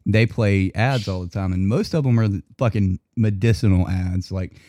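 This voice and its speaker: A man's voice: fairly low pitch, moderate pace, mellow, a little hiss or hum. A man co-hosting a podcast in profane, joking casual chat, laughing often. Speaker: podcast co-host.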